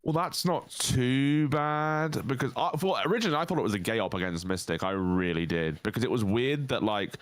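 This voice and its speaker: A British man co-hosting a casual chat show, talking in an animated way, swearing and laughing often. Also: medium pitch, a little fast, hardly any pauses, no echo. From Britain. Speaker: co-host.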